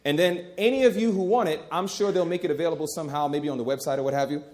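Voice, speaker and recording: Middle-aged preacher guy, emphatic, repeats himself, folksy, voice on the high side. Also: very fast, darkish tone. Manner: emphatic, repeats key phrases; folksy, addresses crowd as y'all. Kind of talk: sermon.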